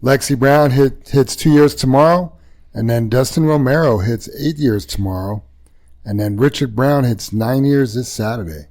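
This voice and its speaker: A man's voice: mid-range voice, normal speed, darkish tone. A man hosting a casual trucking company podcast, reading stats and staff announcements in an upbeat way. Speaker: podcast host. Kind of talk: casual chat.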